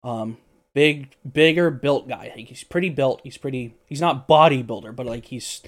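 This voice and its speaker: A man narrates as the game master of a tabletop game, his voice sitting at a middle pitch. He rambles, fills gaps with ums, and corrects himself as he goes. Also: moderate pace.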